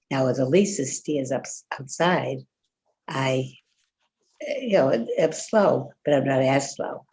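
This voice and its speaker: A woman's voice: very deep voice, expressive, slow, darkish tone. An older woman chatting casually with fellow congregants, telling a rambling story full of fillers and quoted speech. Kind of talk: casual chat.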